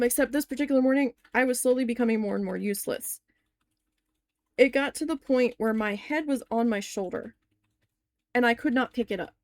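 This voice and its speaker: A woman's voice: fairly high pitch, dry recording. A young woman telling a story in a casual crafting vlog, candid and swearing freely, often saying "like".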